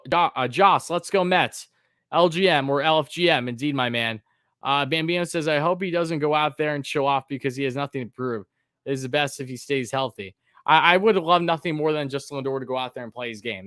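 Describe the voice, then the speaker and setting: Guy doing a live baseball stream, kinda monotone, lots of ums, dry close mic. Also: medium pitch, clean tone, no room sound. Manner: says his own voice sounds monotone; casual, many fillers, reads chat names aloud. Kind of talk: live sports commentary stream.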